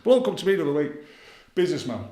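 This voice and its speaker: Fast-talking blunt man, roomy sound. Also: a little high, big pitch swings, mellow. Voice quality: blunt, repetitive, leans on tag questions. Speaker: addiction counsellor guest. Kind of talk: casual podcast interview. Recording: roomy echoey room.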